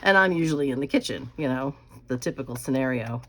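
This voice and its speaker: A woman in her fifties with a low, warm voice, chatting in a folksy, meandering way as she works on a craft project. She slips into quiet asides about her materials and laughs softly now and then. Faint background noise sits under her voice. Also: animated, quick pace. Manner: drops to a quiet aside while working on crafts. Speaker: craft channel host. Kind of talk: casual chat while crafting.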